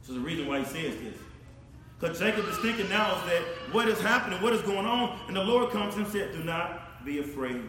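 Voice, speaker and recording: A man preaching a sermon, speaking straight to his congregation, swinging from shouted emphasis to low, quiet asides. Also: fairly quick, soft background music. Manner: animated, addresses congregation directly, rises to shouts then drops low. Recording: echoey hall with faint ambience.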